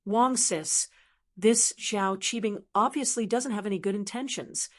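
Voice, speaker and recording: A woman's voice: mid-range voice, a little slow, natural voice. A woman voicing a proud, stubborn young female star who speaks warily, in an audiobook. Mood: worried. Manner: stubborn and wary.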